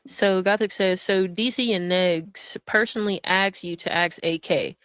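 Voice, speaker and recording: A woman's voice: mid-range voice, a little slow, a bit bright, smooth, no room sound. A woman hosting drama commentary, sarcastic and laughing as she mocks and mimics others. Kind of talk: mocking commentary over stream clips.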